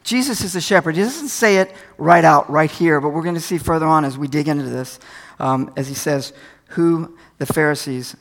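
An older man with a fairly high voice gives a sermon. His delivery is folksy and conversational, mixing stories from home with scripture. He sounds a little tired. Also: normal speed, gravelly. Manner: folksy, conversational preaching with anecdotes. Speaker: pastor.

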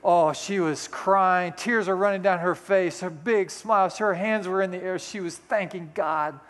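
High-voiced preacher telling a story. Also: male voice, fairly even intonation, measured pace, a bit bright. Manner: folksy, self-deprecating humor. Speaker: pastor. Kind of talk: sermon storytelling. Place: church sanctuary. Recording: long hall reverb.

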